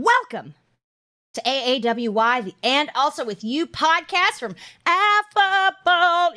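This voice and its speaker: High bubbly woman hosting a silly podcast, all over the place pitch-wise, keeps singing little bits. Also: sharp tone. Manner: playful, breaks into sung bits and silly voices. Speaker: podcast co-host. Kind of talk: comedic podcast banter. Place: indoor room.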